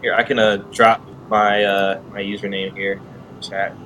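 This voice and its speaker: Easygoing low-voiced American man. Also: flat delivery, normal speed, sharp tone, a little hiss or hum, poor audio. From United States. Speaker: guest joining a game stream. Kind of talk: casual chat.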